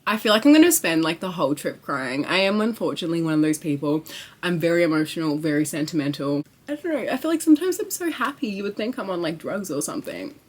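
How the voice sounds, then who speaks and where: A young woman chatting to camera in a casual vlog, excitable and rambling, with lots of swearing and filler words. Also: on the low side, fast talker. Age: young adult. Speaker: vlogger.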